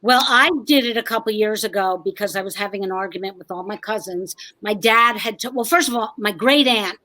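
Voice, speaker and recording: A woman's voice: medium pitch, bright, forceful tone, poor audio. A comedian and writer from New Jersey, a woman, telling wry family stories as an interview guest. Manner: wry storyteller, quick jokes. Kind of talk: casual interview chat.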